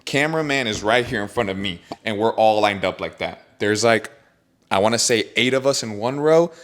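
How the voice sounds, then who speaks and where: A man's voice: on the low side, normal speed. Slangy young man telling a story. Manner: animated, slangy, says bro and dude a lot. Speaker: podcast host. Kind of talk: casual storytelling chat.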